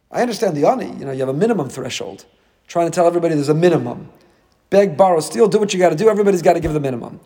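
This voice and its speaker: A man's voice: on the high side, animated, very fast, mellow. A man teaching a Torah class as a rabbi, delivering an emphatic sermon full of rhetorical questions. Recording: long hall reverb.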